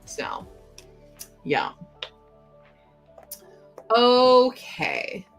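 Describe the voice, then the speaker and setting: A woman's voice: a little high, wildly swooping pitch, extremely slow, gravelly, highs cut off, faint music behind. Chatty young woman streaming from home. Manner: chatty, giggly, answers chat aloud. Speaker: livestream host. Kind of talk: casual livestream chat.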